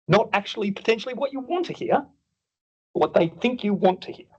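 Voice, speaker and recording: A man's voice: fairly high pitch, breathy edge, muffled recording. An Australian man teaching clinical staff, chatty and blunt, acting out patient dialogue as he goes. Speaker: clinical nurse educator. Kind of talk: workshop teaching.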